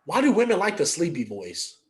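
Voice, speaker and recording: Joking young man, slightly high voice. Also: wildly swooping pitch, brisk, crowd noise. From West Virginia. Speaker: podcast co-host. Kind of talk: casual chat.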